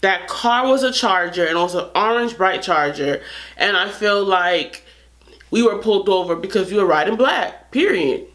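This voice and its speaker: A woman's voice: medium pitch, animated, moderate pace, fairly bright tone. A woman vlogger telling a personal story to camera in a casual, earnest way, often restarting her sentences.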